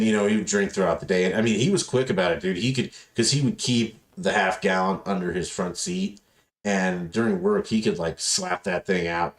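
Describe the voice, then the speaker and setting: A man hosting a podcast, telling rambling, profane stories in casual chat and acting out the people in them. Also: low voice. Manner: rambling, profane, animated storytelling with voiced quotes. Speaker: podcast host.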